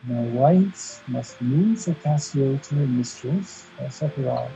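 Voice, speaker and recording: A hushed, scheming villain, as a man reads him aloud in a very dark, mellow voice. He speaks slowly and conspiratorially, plotting to himself. The audio is dull, lo-fi video call sound. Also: medium pitch, vocal fry, soft background music. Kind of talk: amateur play read-aloud.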